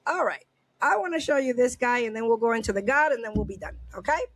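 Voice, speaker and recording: A woman's voice: fairly high pitch, lively intonation, fast talker, no room sound, faint music behind. Woman, podcast host, indignant and rambling, dry close mic. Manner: indignant, many restarts and rhetorical questions. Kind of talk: casual podcast chat, reading news aloud.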